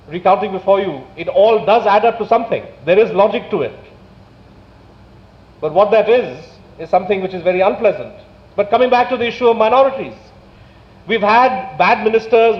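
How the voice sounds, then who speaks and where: A man with an Indian English accent giving a public lecture, indignant and full of rhetorical questions, slowing down for emphasis. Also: sits high. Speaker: speaker at a public talk. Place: lecture hall. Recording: echoey hall, dull lo-fi sound.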